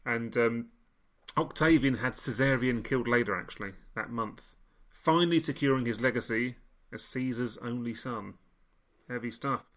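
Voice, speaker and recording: A man's voice: medium pitch, normal speed, a bit bright. Dry-witted man narrating history. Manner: dry wry quips. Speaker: podcast co-host.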